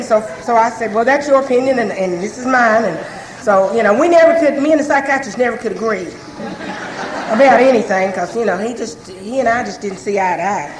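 High-voiced woman testifying. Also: fairly quick, roomy sound, noisy background. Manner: conversational, frank, repeats herself often. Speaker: speaker sharing her story at a recovery meeting. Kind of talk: personal testimony to a group.

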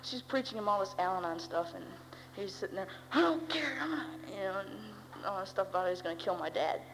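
A teenage girl gives a personal recovery testimony in a rambling, wry way, full of "you know" and "uh." Her medium-pitched voice runs a little fast, and the recording has long hall reverb and a faint hum.

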